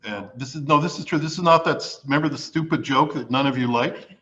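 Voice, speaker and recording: A man spins a comic story before a live audience, mocking himself and acting out the scenes as he goes. His voice sits at an ordinary pitch, and the recording sounds a little dull and lo-fi. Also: fast, a little hiss or hum. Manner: animated, self-mocking, acts out the story.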